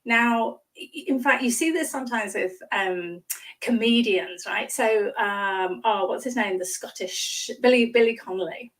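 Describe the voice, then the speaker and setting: A woman speaking coach chatting on a video call, lively and acting out examples with little exclamations. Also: fairly high pitch, a little slow, far from the mic, poor audio. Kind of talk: casual chat on a live stream.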